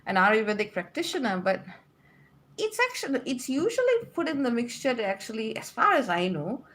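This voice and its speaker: A woman's voice: mid-range voice, fairly bright tone. A woman hosting a casual livestream from home, reading viewer comments aloud and chatting back with frequent laughs.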